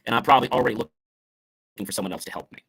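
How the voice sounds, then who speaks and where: A man's voice: very fast, creaky, fairly bright tone, husky. A middle-aged man hosting a motivational talk show, speaking emphatically and playing with stress and tone to make his points. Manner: emphatic, varies stress and tone to demonstrate meaning; salesy, upbeat sign-off pitch. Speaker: host.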